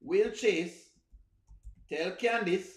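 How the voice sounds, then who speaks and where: A man's voice: high voice, extremely slow, reverberant. A man with a Jamaican accent hosting a reaction livestream, laughing often and repeating phrases as he chats with viewers. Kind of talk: casual chat with live viewers.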